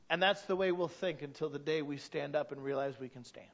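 A man in his thirties, a pastor, delivering an impassioned sermon that swings from hushed to loud, repeating key phrases. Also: on the high side, brisk, few pauses. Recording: dull lo-fi recording.

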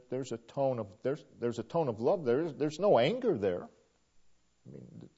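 A man's voice: medium pitch, darkish tone. A man preaching a sermon in an earnest way, often repeating and restarting phrases. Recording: dull lo-fi recording.

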